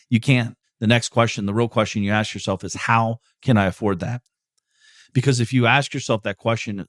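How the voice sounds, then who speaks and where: A man's voice: lowish voice, a bit bright, dry recording, clean studio sound. A middle-aged man hosting a podcast and answering listener questions in a casual motivational monologue. He is blunt and profane, and candid about his own feelings. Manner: blunt and profane, swearing freely; candid, openly emotional about personal matters.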